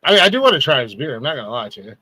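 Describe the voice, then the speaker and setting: A man's voice: mid-range voice, big pitch swings, very fast, pushed and bright, dry recording. A man hosting a podcast in casual banter, teasing his co-host and laughing often.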